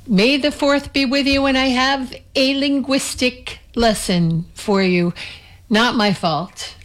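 A middle-aged woman hosting a radio music show, chatting in a meandering way with small self-corrections before introducing a track. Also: medium pitch.

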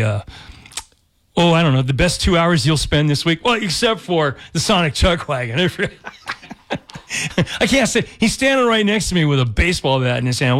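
A male radio DJ chatting on air from the studio in a loose, rambling way. His voice sits a bit high for a man, and he jokes and laughs as he goes. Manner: rambling, jokey, with restarts and laughs. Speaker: radio DJ host. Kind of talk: casual radio chat.

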